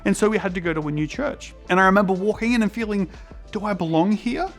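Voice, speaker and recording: An Australian man preaching to children, telling an animated personal story and acting out the voices in it. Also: high-pitched, very fast, faint music behind. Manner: animated, acts out voices in his stories. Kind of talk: storytelling sermon for kids.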